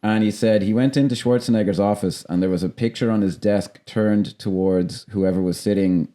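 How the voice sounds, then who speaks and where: A man's voice: lowish voice, normal speed, mellow. A man with a Dublin accent co-hosting a film podcast, telling rambling anecdotes and swearing casually. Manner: rambling storyteller, swears freely. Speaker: podcast co-host.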